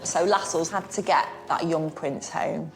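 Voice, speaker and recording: A woman's voice: sits low, normal speed, creaky, faint music behind. A woman telling history drunk, rambling, giggly and sweary. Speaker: drunk storyteller. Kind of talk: tipsy comic history retelling.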